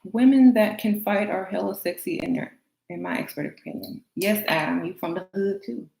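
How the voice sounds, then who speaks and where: A beauty vlogger livestreams while getting ready, chatting casually with her viewers, laughing and replying to comments. Her mid-range voice has a darkish tone and vocal fry, and she talks at a moderate pace. The room echoes and there's faint noise.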